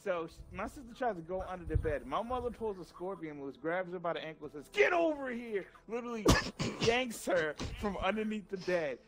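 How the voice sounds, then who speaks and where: A man shares a childhood story with his friends in a loose, profane, laughing style. His voice sits high for a man and swings widely in pitch. He tells it with lively, animated energy. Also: brisk. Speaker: gaming channel host.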